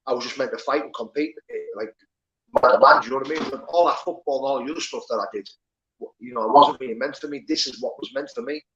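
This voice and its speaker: A man's voice: medium pitch, expressive, fast talker, a bit bright, lo-fi sound. A man, candidly telling his life story as an interview guest, swearing and rambling with many fillers. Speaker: guest, former prisoner turned pro fighter.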